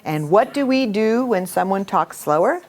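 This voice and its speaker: A middle-aged woman teaching a workshop, expressive and animated, often laughing as she talks. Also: medium pitch, normal speed. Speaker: workshop trainer.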